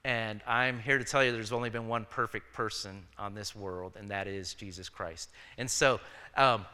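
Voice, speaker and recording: A pastor giving a casual, conversational sermon, telling personal stories with frequent fillers and self-corrections. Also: male voice, medium pitch, pushed and bright, clear, resonant tone. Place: church. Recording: church hall reverb.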